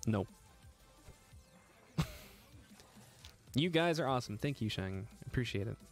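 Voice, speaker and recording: A man's voice: mid-range voice, animated, slow pace, soft background music. A man hosting a casual live stream, joking and laughing as he gets flustered over his own slip. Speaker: livestream host building a PC.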